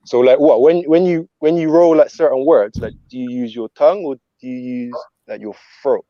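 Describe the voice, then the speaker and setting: A man's voice: mid-range voice, normal speed, dry recording. A young man on a stream panel, laid-back, rambling as he asks his questions. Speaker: panel guest. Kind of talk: casual panel banter. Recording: dry, muffled mic audio.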